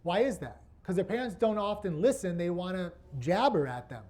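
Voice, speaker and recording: A man's voice: high voice, animated, normal speed, darkish tone. A man presenting a workshop to an audience, asking rhetorical questions as he teaches. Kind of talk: interactive teaching talk.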